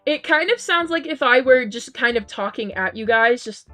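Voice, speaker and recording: A woman's voice: a little high, animated, moderate pace, fairly bright tone. A woman streamer chatting casually with her viewers, reading out chat messages, giggling often and restarting her sentences with lots of ums. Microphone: headset mic. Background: faint game music.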